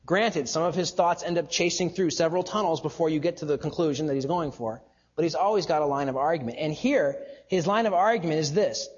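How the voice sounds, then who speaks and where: Male preacher, high voice, husky tone, emphatic teaching, rhetorical questions, dull lo-fi recording. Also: a little fast. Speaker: pastor or Bible teacher. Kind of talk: sermon teaching.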